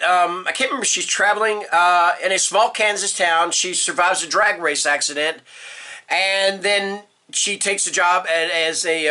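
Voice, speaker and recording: A man's voice: high-pitched, sharp tone. An older man hosting a horror book channel, chatting casually and rambling with lots of fillers. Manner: rambling, folksy, frequent fillers. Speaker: booktube host. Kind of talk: casual book tag chat.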